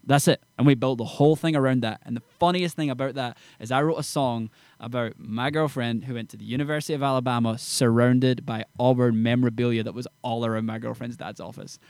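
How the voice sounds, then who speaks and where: A man's voice: medium pitch, dry recording. A young man, a songwriter, telling stories animatedly in casual chat full of slang. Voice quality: fast, animated storytelling with slang. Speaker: songwriter guest.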